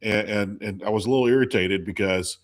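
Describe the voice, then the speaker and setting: A man hosting a casual chat, telling a lively story and acting out quotes. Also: fairly low pitch, brisk. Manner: animated storyteller, acts out quotes. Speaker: podcast host.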